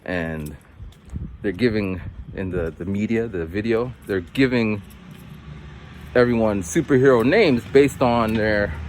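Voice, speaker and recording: A man in his forties, an English teacher, casually telling stories in a vlog and acting out quotes with big jumps in pitch. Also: unhurried, pauses often, a little mellow, slight background noise. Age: 40s.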